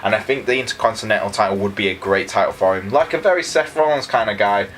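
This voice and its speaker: A man's voice: lowish voice, quick pace, fairly bright tone. A man giving a casual spoken review, rambling and blunt, with frequent restarts and stumbles. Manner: blunt, opinionated. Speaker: wrestling show reviewer.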